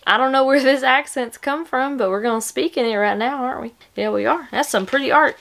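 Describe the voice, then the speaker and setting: A woman's voice: sits high, a little fast, vocal fry, a bit bright, voice pushed up. A woman putting on a hammy Southern drawl. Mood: playful. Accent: put-on Southern US.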